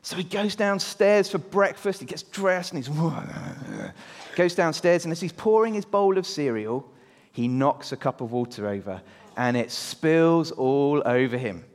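High-voiced preacher in a reverberant church. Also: male voice, normal speed. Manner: lively, engaging the congregation with questions. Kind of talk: all-age church talk with storytelling.

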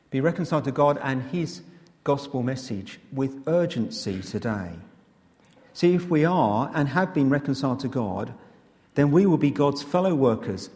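Preacher in a reverberant church. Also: male voice, on the high side, darkish tone. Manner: earnest, measured preaching with rhetorical questions. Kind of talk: sermon. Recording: long hall reverb.

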